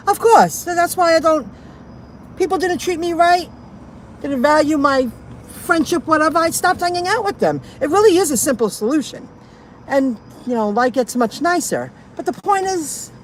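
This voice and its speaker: A woman's voice: high voice, a little hiss or hum. Indignant woman venting in her car. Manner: indignant, venting, repeats herself. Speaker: delivery driver vlogger. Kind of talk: casual ranting vlog.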